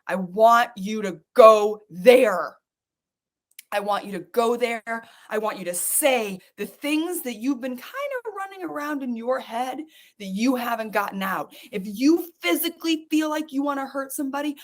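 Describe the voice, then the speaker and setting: A woman's voice: sits high, expressive, moderate pace, fairly bright tone. A woman hosting a podcast, leading listeners through a guided exercise with urgent, coaxing, repeated commands. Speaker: podcast host guiding listeners.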